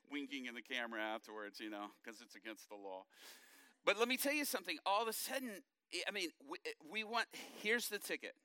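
A middle-aged man preaches with a somewhat high, very bright voice. He tells his stories with animation and acts out what others said. The recording is dry and close. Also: dry recording. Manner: animated storytelling, acting out quotes. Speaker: pastor. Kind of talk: sermon.

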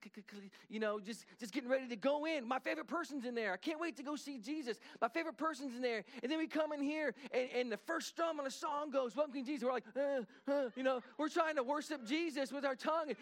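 Male pastor with a high voice, folksy storytelling sermon, acts out the characters in his stories. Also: fairly bright tone. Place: church sanctuary.

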